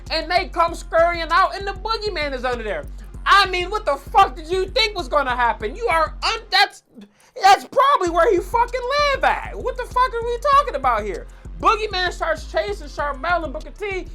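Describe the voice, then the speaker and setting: A woman recapping an old wrestling storyline in a casual, excitable, slang-heavy style, full of swearing. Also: extremely high pitch. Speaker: wrestling commentary vlogger.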